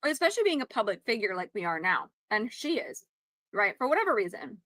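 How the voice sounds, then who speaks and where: A woman's voice: mid-range voice, very animated, fast talker, sharp tone, dry recording. A woman co-hosting a casual chat show, talking in an emphatic, outspoken way and swearing freely. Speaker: podcast co-host.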